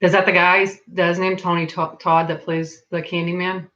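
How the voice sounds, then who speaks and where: A New England woman from Massachusetts, her accent between Boston and Rhode Island, hosts a livestream and chats casually while reading comments. She's giggly and chatty, uses "like" constantly, and swears casually. Her lowish, fairly bright voice stays flat at a moderate pace, and the sound is kind of muffled.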